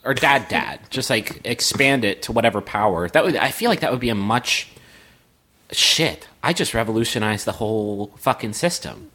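A man's voice: on the low side, expressive, moderate pace, sharp tone. A man co-hosting a podcast, riffing playfully in casual comedic banter.

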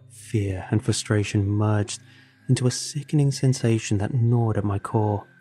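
A man with a lowish, mellow voice narrates a first-person horror story. He reads in a measured, dramatic way, with soft music playing faintly underneath. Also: slightly rough. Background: faint background music.

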